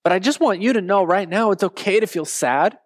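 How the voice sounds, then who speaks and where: A man preaching a sermon in an earnest tone, slowing down to stress key words. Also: high voice, no room sound, studio quality. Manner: earnest, slows down for emphasis. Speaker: pastor.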